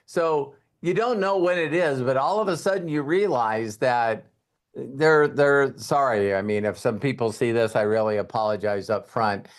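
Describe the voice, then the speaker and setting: A man of middle pitch giving a casual live talk to his viewers over a webcam. He rambles, piles up fillers and laughs, and gets animated as he tells stories. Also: normal speed. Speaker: host.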